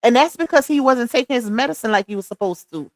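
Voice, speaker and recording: A woman's voice: a little high, lively intonation, fast talker, no echo, clean studio sound. A woman hosting a casual livestream, chatty and preachy, talking straight to her viewers as "y'all.". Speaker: livestream host.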